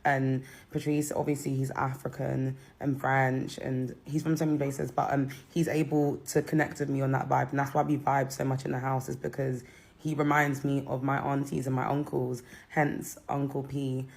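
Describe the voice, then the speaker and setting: A young woman from Britain giving a candid, hesitant apology with many pauses. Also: rumbling low, little pitch movement, gravelly, a little mellow. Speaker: reality show contestant. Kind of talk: apology statement.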